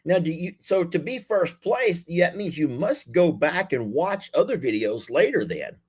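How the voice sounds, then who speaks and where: A man hosting a livestream, chatting warmly with callers in a folksy, effusive way. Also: on the high side, very animated, measured pace, breathy edge. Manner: folksy, effusive, lots of y'all and sweetie. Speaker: livestream host. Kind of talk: casual chat with callers.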